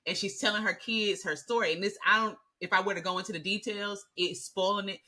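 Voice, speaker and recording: Woman, podcast co-host, bright sharp voice, casual, swears freely. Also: medium pitch, fairly quick. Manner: animated, swears freely, rants. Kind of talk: casual chat.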